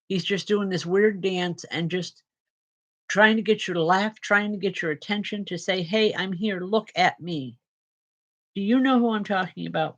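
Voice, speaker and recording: A tired woman medium giving live spirit readings to viewers, chatty and unhurried with frequent restarts. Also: medium pitch.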